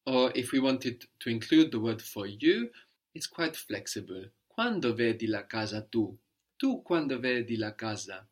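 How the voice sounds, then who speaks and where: A man leads a language lesson, patient and methodical. His voice sits at an ordinary middle pitch, and he keeps checking in with a quick "no?" as he walks through each example. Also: big pitch swings. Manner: patient, explains step by step, ends points with "no?". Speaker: language teacher.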